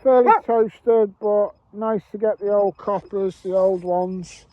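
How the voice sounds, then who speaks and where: A middle-aged man with a notably high voice, rambling and joking as he talks to his viewers. He is recorded outdoors in open fields while he goes metal detecting. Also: steady tone, takes it slowly, dry recording, highs cut off. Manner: jokey, rambling, addresses viewers. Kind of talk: casual chat to camera.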